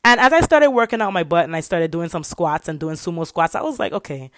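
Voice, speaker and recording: A woman hosting a motivational podcast, telling stories in an animated way and repeating words as she goes. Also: on the low side, fast, no echo, clean studio sound. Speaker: podcast host.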